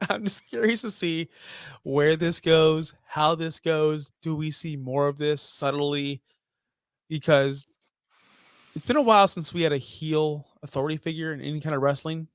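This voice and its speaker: A man's voice: fairly high pitch, moderate pace, no room sound, studio quality. A young man co-hosting a casual wrestling podcast, blunt, profane and full of strong opinions. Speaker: podcast co-host.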